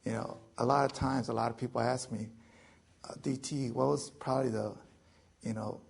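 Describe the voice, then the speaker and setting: A man's voice: medium pitch, steady tone, normal speed, vocal fry, slightly rough. A man in his forties telling his own survival story to an audience in a loose, joking way, full of fillers. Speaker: veteran speaker.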